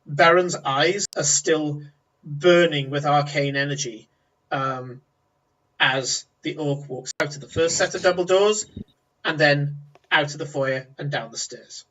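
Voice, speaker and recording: A man narrating a tabletop game as game master, descriptive and pausing with fillers. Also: fairly high pitch, steady tone, fairly bright tone, highs cut off. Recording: voice a bit far from mic.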